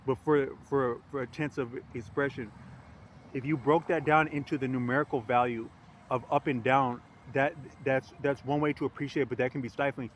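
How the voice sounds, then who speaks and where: A man musing aloud in a casual philosophical monologue, rambling and halting with frequent restarts and fillers. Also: medium pitch, steady tone, a little hiss or hum. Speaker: podcast host.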